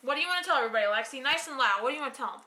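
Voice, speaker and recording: A woman's voice: sits high, lively intonation, very fast, sharp tone. A woman hosting a home baking vlog in her kitchen, patiently giving step-by-step instructions and coaching a child. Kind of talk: casual baking demonstration.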